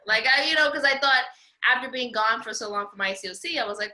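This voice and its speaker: A woman hosting a casual chat, telling her stories in an animated way and acting out the quotes. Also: fairly high pitch, a little fast. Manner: animated storyteller, acts out quotes. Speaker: podcast host.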